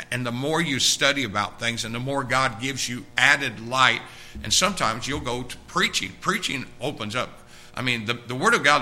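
Bright-voiced preacher man. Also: mid-range voice. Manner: conversational preaching with frequent direct asks to the congregation. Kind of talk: sermon.

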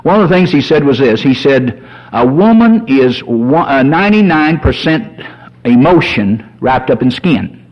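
A man preaching a sermon as a pastor, folksy and animated, telling humorous stories. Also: medium pitch, measured pace. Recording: dull lo-fi sermon recording.

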